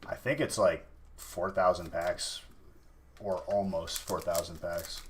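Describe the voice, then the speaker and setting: A man's voice: deep voice, fairly even intonation, slow pace, a little hiss or hum. A man casually chatting on a live stream while opening card packs, teasing and thanking viewers.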